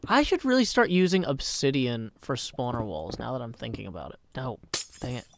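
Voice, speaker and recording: His medium-pitched voice swings widely in pitch at a normal speed, with slight background noise behind it. He's a man in his thirties hosting a laid-back live game stream, chatty and wry with his viewers, reading chat aloud and muttering as he plays.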